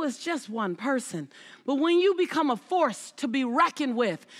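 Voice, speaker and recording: Woman, motivational speech, live audience, emphatic, repetitive phrasing, bright tone. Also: high voice. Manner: emphatic, repeats phrases, laughs often. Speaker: motivational speaker. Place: stage before a large audience.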